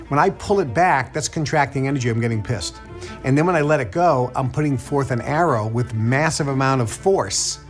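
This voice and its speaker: A middle-aged man giving a motivational teaching talk, emphatic, acting out quoted self-talk in a raised voice. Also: on the high side. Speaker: teacher of a book study.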